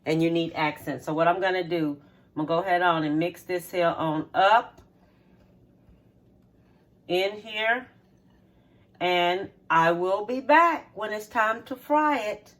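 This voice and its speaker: Fairly low in pitch and fairly bright in tone, her voice runs a little slow with frequent pauses. The middle-aged woman shows her cooking casually from her home kitchen for her channel, repeating steps homily and asking "okay?"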